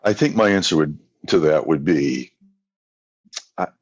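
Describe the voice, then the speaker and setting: A husky bass voice, a little slow and recorded dry, belongs to an evangelist guest on a podcast. He tells folksy anecdotes, frequently acting out people's words, and the sound is dull and lo-fi.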